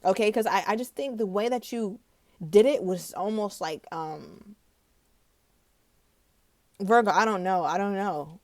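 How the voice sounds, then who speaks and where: A woman giving a casual, animated tarot reading, chatty and dramatic, laughing often. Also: medium pitch, unhurried, pauses often. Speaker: tarot reader.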